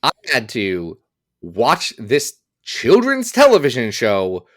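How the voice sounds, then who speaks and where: A man's voice: medium pitch, wildly swooping pitch, takes it slowly. A man co-hosting a comics podcast in casual, joking chat, playful and self-mocking. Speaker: podcast co-host.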